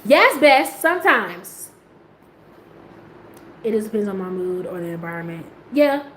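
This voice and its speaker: A woman talking casually, rambling in slang, laughing often and jumping into high squeals when she quotes herself. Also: lively intonation, a little slow. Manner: slang-heavy, rambling, trailing off quietly. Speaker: host. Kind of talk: casual chat. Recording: echoey room with faint ambient noise.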